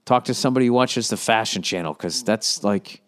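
A man's voice: on the low side, fairly quick, clear, resonant tone. A man hosting a casual advice podcast, talking in a blunt, profane, rambling way. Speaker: podcast host answering listener questions.

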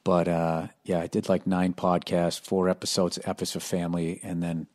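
A man hosting a podcast with a hoarse, strained voice, talking in a low-energy, self-mocking casual ramble full of swearing. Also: flat delivery, normal speed, a little mellow. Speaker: podcast host.

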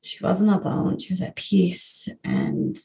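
Gravelly-voiced woman grief coach. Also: fairly low pitch, wildly swooping pitch, takes it slowly, slight background noise. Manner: earnest, emotional, with soft laughs. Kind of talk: personal storytelling in interview.

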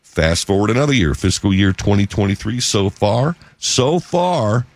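A man hosting a talk radio show, delivering an emphatic news monologue and slowing down to stress figures. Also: fairly low pitch, expressive.

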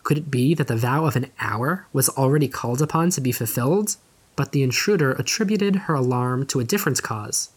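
A man narrating an old novel aloud in a measured, even storytelling manner. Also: medium pitch. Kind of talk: audiobook narration.

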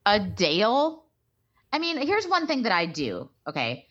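A woman co-hosting a podcast in casual, animated, jokey chat. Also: mid-range voice, measured pace. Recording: dull lo-fi sound.

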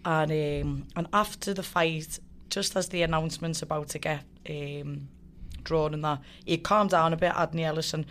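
A woman's voice: low-pitched, normal speed. A woman guest tells a story casually and with energy, swearing and acting out what others said. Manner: animated, swears freely, acts out quotes. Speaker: guest fighter.

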